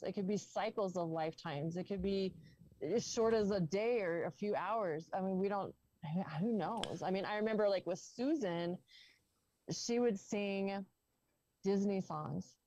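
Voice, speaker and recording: A woman's voice: mid-range voice, warm tone, no room sound, dull audio. Rambling woman from the US South. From southern United States. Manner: rambling, self-correcting storytelling. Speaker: roundtable guest. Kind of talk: casual video-call chat.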